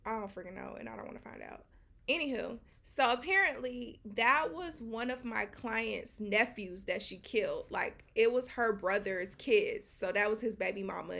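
A woman co-hosting a casual chat podcast, telling stories in an animated way with quoted dialogue, slang fillers and asides to listeners. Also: mid-range voice, gravelly. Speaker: podcast co-host.

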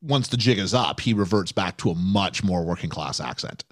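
A man's voice: low voice, animated, moderate pace, no room sound, clean studio sound. A man guesting on a podcast, thinking aloud with many restarts and frequent chuckles as he talks about a film. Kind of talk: casual film discussion.

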